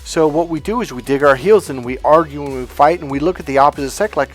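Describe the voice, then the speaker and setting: A man's voice: on the high side, fast talker, soft background music. A man working as a dating coach, talking through ideas and a client story in an emphatic, swearing manner.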